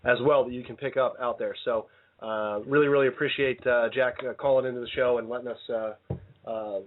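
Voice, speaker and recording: A man hosts a casual radio show from a studio, rambling playfully and often cutting himself off mid-sentence. His mid-range voice is brisk with fairly even intonation, and the sound is tinny, like a phone.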